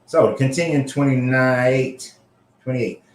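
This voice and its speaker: A man hosting a casual commentary show, reading scripture aloud and reacting in an animated, profane way. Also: mid-range voice, takes it slowly, reverberant. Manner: animated, profane, frequently laughing. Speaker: host.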